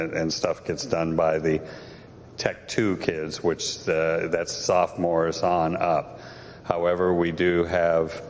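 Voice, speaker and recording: Deep flat-voiced male teacher. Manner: plain, explanatory. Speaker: technical theater teacher. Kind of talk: answering audience questions. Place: school auditorium. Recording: reverberant auditorium with faint noise.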